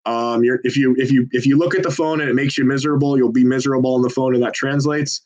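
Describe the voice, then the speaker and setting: A man's voice: mid-range voice, fairly even intonation, fast, darkish tone. A man volunteering on a phone bank, chatting with callers and viewers in a joking, persuasive salesman style. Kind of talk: casual livestream chat while making calls. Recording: dull lo-fi audio.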